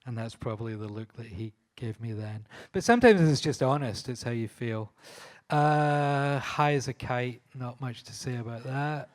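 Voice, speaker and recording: Scottish man telling lively photo anecdotes. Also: mid-range voice, a little slow, few pauses. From Scotland. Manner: enthusiastic storyteller, laughs often, restarts and fillers. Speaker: photographer on a panel. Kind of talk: anecdotal talk at a public event. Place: live talk venue.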